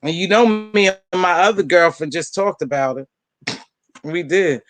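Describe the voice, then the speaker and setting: A woman hosting a casual live-stream panel, chatting and gossiping in an animated way and calling out friends by name. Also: lowish voice, moderate pace, over music. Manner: animated, talks straight to viewers and friends by name. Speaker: panel host.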